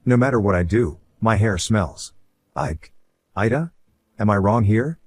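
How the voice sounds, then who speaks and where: A man's voice: fairly low pitch, measured pace, no room sound. A man reading a first-person online story aloud in a casual, conversational way. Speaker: story narrator.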